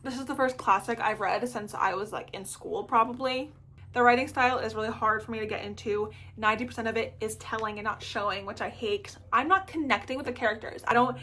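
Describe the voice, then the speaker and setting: A young American woman book vlogger chatting casually, excited and rambling. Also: on the high side, slight background noise. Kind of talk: casual chat.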